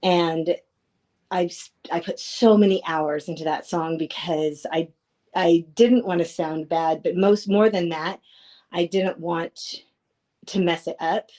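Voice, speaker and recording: A woman's voice: fairly low pitch, steady tone, slow, dark tone. A woman actress, a guest on a podcast, talking through her experience in a thoughtful, meandering way. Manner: thoughtful, rambling with fillers. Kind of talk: casual interview chat.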